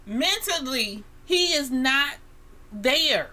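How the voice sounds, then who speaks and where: Bright-voiced woman co-hosting a chat show. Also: medium pitch, a little slow. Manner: animated, talks over others, mild swearing. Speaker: radio show co-host. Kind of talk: casual chat.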